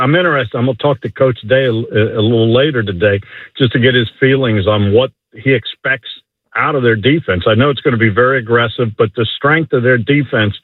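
A man's voice: mid-range voice, brisk, no echo. A middle-aged man calling in to a sports radio show, rambling and boasting with many stumbling restarts. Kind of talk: casual sports talk. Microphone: phone call. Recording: tinny phone line.

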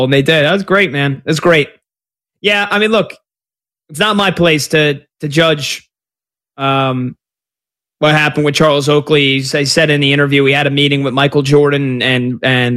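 A man hosting a sports talk radio show, taking callers in an energetic, conversational way. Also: medium pitch.

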